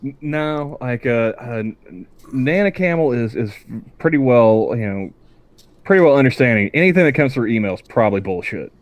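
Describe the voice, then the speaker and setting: A man's voice: medium pitch, expressive, normal speed. A man on a casual podcast who rambles and stammers through restarts. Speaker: podcast co-host.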